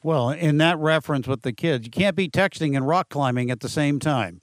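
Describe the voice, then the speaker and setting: Host, male, folksy and upbeat, slightly high voice, dry close-miked sound. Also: moderate pace, no echo. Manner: folksy, enthusiastic. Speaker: podcast host. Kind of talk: business interview.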